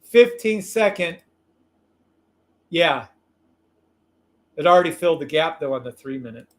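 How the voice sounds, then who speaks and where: Brief: male livestream trading host, high voice, excitable and profane, shouts his calls. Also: unhurried. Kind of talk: live trading stream commentary.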